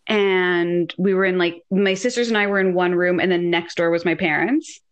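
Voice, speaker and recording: A young woman co-hosting a casual chat, telling animated stories and acting out quoted lines. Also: on the low side, normal speed. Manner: animated, says "like" often, acts out quotes.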